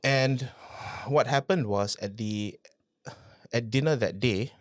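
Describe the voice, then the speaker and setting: A man appears as a podcast guest in a casual interview, telling his business story animatedly, repeating phrases and asking rhetorical questions. His medium-pitched voice is slow, and the studio sound is clean with no room sound.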